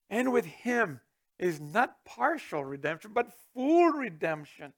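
A middle-aged man preaching a sermon as pastor, swinging from booming to hushed with chuckling asides. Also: very animated, moderate pace.

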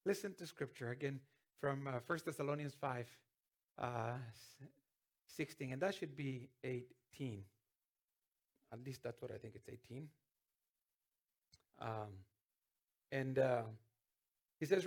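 A man's voice: medium pitch, slow, pauses often. A man preaching a sermon as pastor, earnest, with restarts and sudden emphatic rises.

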